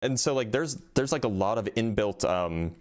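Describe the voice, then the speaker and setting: A man hosts a live debate stream in a loose, casual way, full of fillers and restarts. His voice sits a little low. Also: expressive, normal speed, darkish tone. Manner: casual, hesitant, many fillers.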